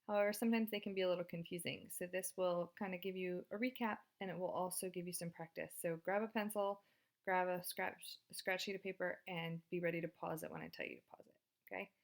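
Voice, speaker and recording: Woman teacher recording a lesson video, relaxed and chatty, encouraging tone. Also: lowish voice, fast talker, vocal fry. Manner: casual, chatty and encouraging, with fillers. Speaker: Spanish teacher.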